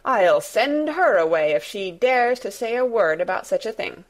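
A woman's voice: medium pitch, expressive, normal speed, natural voice. A woman voicing a spoiled, imperious invalid boy who speaks in a commanding, haughty way.

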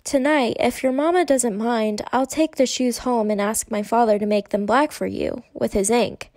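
Woman doing a theatrical young girl, sophisticated, fairly high. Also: moderate pace, darkish tone, dry recording, clean studio sound, close to an everyday voice. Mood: bright. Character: poised, imaginative young girl.

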